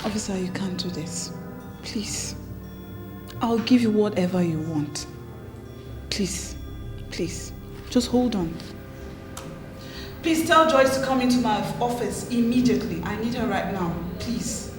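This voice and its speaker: A woman's voice: medium pitch, measured pace, pauses often, music in the background, natural voice. A woman with a Nigerian English accent playing a bank manager who defends her client and then pleads with a police officer. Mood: pleading. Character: defensive female bank manager under pressure.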